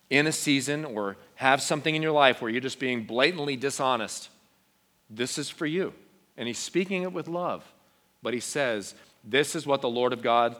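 A young youth pastor preaches from a stage to teenagers, earnest and conversational, at times dropping into quiet, emotional tones. His mid-range voice has lively intonation and a moderate pace.

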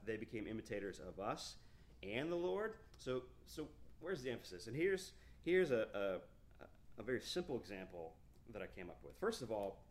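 A man in his thirties preaching a verse-by-verse sermon, reading scripture aloud and explaining it conversationally with frequent restarts. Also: on the low side. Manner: reads scripture aloud with emphasis. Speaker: pastor. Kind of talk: expository sermon.

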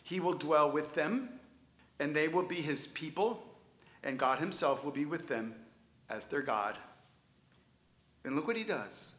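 A man preaching a sermon, stressing key words loudly and then dropping to near-whispers. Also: fairly high pitch, lively intonation, unhurried, pauses often, echoey room. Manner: emphatic preaching, swings from loud stresses to soft near-whispers. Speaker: pastor.

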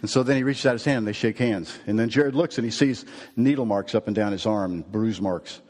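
A male pastor giving an earnest sermon, telling a story, then rising to emphatic points and dropping low and slow. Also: a little mellow. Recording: long reverb of a large hall.

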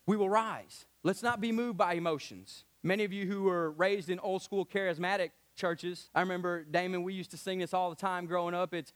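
Pastor guy preaching all fired up and emotional, real high voice. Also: fairly even intonation, a little fast, few pauses. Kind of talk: sermon.

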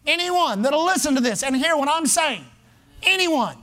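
A man with a strikingly high voice preaches a sermon. He pounds his points with repeated phrases in a steady pulpit cadence. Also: normal speed. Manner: emphatic, repetitive preaching cadence. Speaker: pastor.

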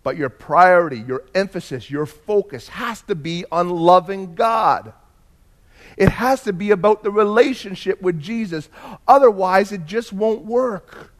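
A pastor delivering a sermon in church, his voice sitting a touch higher than most men's. He tells his stories with animation, dropping to near-hushed lines and then climbing into loud, emphatic bursts. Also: a little slow. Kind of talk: sermon with personal storytelling.

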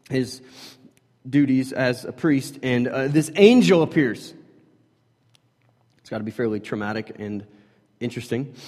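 Husky-voiced preacher in an echoing hall. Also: male voice, mid-range voice, darkish tone. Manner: conversational, thinking aloud with fillers and asides. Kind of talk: expository sermon with scripture reading. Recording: long reverb of large hall.

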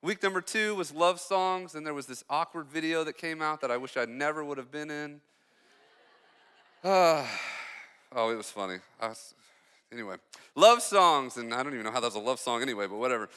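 A young man preaching as a student pastor, chatty and joking with quick asides to the congregation. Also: a little high, sharp tone, clear, resonant tone, in a large hall. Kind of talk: sermon. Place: church hall.

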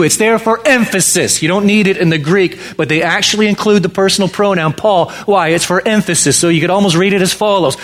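A man delivering an expository sermon with a somewhat high-pitched voice. He presses his points with emphatic rhetorical questions. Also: brisk, hardly any pauses, a bit bright. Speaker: preacher.

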